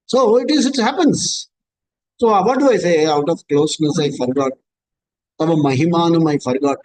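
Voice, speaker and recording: A middle-aged man with an Indian accent teaching scripture in a conversational way, slowly chanting Sanskrit verses between everyday examples. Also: fairly high pitch, a little mellow, rough recording. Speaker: spiritual teacher. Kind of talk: scripture class talk.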